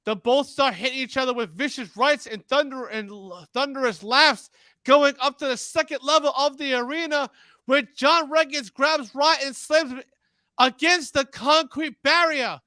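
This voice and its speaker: A man with a very high, bright voice calls a wrestling match in rapid, rambling play-by-play and keeps stumbling over his words. The sound is dry and close. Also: no echo. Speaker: wrestling commentator. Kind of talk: excited play-by-play commentary.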